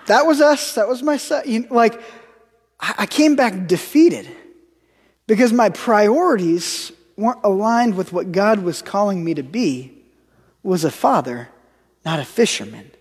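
A man's voice: high voice, animated, moderate pace, a little mellow, breathy edge. An American man in his thirties, preaching a sermon and telling stories, often repeating words as he restarts his sentences. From United States. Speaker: pastor. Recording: long hall reverb.

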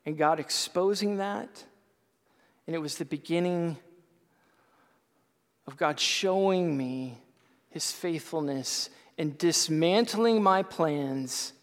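A male pastor telling a personal testimony in a sermon, earnest and storytelling, rising at times to loud impassioned outbursts. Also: fairly high pitch, slow, long pauses. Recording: long hall reverb.

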